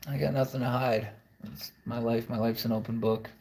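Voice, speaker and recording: A man's voice: mid-range voice, steady tone, moderate pace, darkish tone, a little hiss or hum. A man rambling through a confessional video monologue, blunt and profane, wandering from thought to thought. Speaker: musician vlogger.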